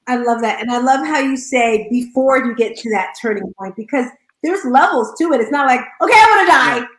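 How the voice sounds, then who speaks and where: A woman hosting a panel chat who talks in an upbeat, exclamatory way and sometimes shouts for emphasis. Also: fairly high pitch, brisk. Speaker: host. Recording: roomy echo.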